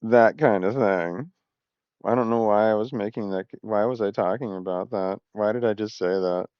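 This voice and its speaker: Give me a man rambling and swearing through a personal vlog in a smooth voice, recorded dry and slightly muffled. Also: fairly low pitch, moderate pace, no room sound. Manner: scattered, loses his thread, swears often. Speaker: vlogger.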